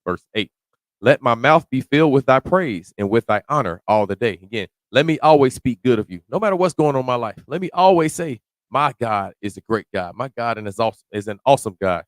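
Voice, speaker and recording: A man's voice: medium pitch, lively intonation, no room sound. Dry-miked man preaching verse by verse. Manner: reads scripture slowly then riffs in casual slang, rising to shouts. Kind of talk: verse-by-verse sermon.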